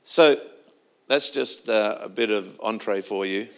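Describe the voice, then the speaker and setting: A man's voice: on the low side, a little slow, gravelly. A middle-aged man preaching a sermon in a church, telling stories in a conversational way with frequent restarts. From Australia. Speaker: pastor.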